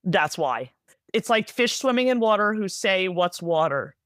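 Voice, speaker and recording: A woman from the United States, an author being interviewed, speaking rapidly in an animated way with many "like"s and tag questions. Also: medium pitch, no room sound, clean studio sound. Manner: animated, rapid, filler-heavy with frequent "like" and "right?". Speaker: author, guest. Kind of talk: conversational interview answers.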